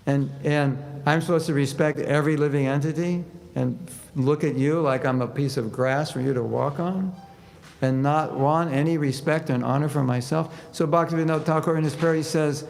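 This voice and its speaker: Gravelly-voiced man preaching in a hall. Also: on the high side, moderate pace. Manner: conversational, animated when quoting prayers. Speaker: spiritual teacher. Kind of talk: sermon with humor. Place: temple hall. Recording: reverberant hall with faint noise.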